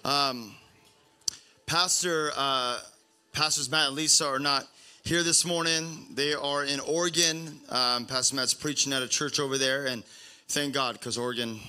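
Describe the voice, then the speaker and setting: A man's voice: mid-range voice, fairly even intonation, unhurried, pushed and bright, clear, resonant tone. A young man from the Pacific Northwest preaching a sermon in a casual, rambling way, full of fillers and restarts. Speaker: pastor.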